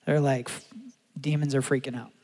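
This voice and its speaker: A man preaching a sermon and telling a story, acting out the quotes with animated delivery. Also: medium pitch, normal speed. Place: large church hall. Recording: long hall reverb.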